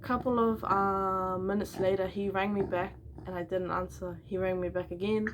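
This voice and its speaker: A woman's voice: mid-range voice, fairly even intonation, moderate pace, noisy background. A young woman, a new mother, candidly telling her personal story and acting out both sides of old phone calls. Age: young adult.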